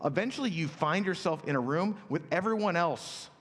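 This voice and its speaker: A man preaching a sermon in a relaxed, conversational way, telling stories and acting out quotes. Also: a little high, fairly quick. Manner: conversational, storytelling with acted quotes. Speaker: pastor. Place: church auditorium. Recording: church hall reverb.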